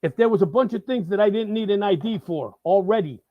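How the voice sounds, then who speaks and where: Heated, swearing man with a high voice. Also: fairly quick, no room sound, highs cut off. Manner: profane, heated and sarcastic, swears constantly. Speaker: host of a live talk show. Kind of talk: ranting political monologue.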